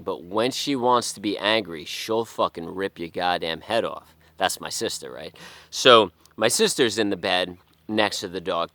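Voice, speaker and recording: A man talking casually to camera, swearing often and rambling through restarts, sometimes sinking to a hushed whisper. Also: deep voice, dry recording. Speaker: vlogger. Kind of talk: casual monologue.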